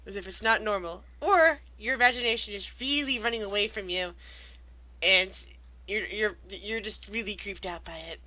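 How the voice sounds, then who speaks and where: A woman's voice: mid-range voice, moderate pace, bright, forceful tone, no echo, rough recording. A woman narrating a tabletop game as game master, describing scenes in an eerie storytelling way.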